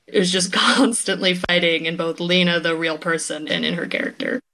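A woman's voice: on the low side, normal speed, bright, forceful tone. A woman guest writer on a podcast, speaking in a thoughtful, analytical way with casual fillers.

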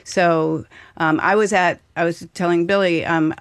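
A woman's voice: lowish voice, steady tone, a little slow, clear, resonant tone, no echo. A woman chef speaks earnestly about giving back, stopping now and then to find the right words. Her voice is recorded close and dry, with no room sound around it. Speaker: chef and restaurateur. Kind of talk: casual interview talk.

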